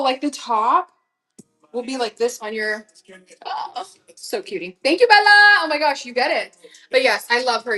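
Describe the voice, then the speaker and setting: Young woman live-seller, chatty and gushing, a little high-pitched, casual stream host. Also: fairly bright tone, rough recording. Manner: chatty, gushing, talks straight to viewers. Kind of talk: casual live-selling chat.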